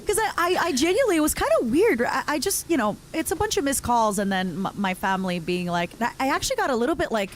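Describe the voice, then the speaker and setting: A woman's voice: fairly high pitch, lively intonation, fast, few pauses, a little hiss or hum. A woman talking casually on a stream and telling a personal story, acting out her own reactions as she goes. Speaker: guest streamer. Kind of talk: casual chat.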